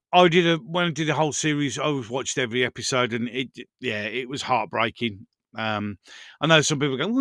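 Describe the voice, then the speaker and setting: A man's voice: mid-range voice, a bit bright, no room sound, studio quality. A man hosting a casual live stream, rambling through viewer comments and chatting to his pets.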